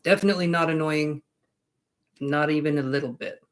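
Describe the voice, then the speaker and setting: A man's voice: on the high side, steady tone, fairly quick, a bit bright. A man giving tarot readings on a live stream, chatting casually with viewers in a jokey, reassuring way. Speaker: tarot reader.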